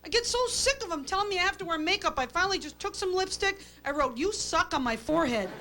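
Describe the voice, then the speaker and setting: A woman doing a stand-up comedy routine, delivering deadpan quips and tagging jokes with a flat "okay?". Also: very high-pitched, quick pace. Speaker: stand-up comic. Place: comedy club stage with a live audience. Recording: hissy old VHS tape with audience laughter.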